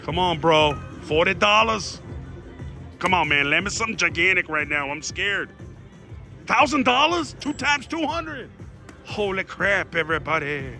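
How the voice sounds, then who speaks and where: Excitable high-voiced man at a slot machine. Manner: excitable, shouts and groans at every spin, talks to viewers. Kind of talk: excited live slot commentary. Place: casino floor.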